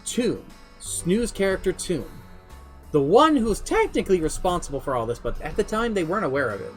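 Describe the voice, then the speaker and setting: A man streaming live as game master, telling the story of his campaign in a casual, animated way with some swearing. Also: sits high, a little fast, faint music behind. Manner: animated, swearing, shifts pace often. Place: home streaming setup.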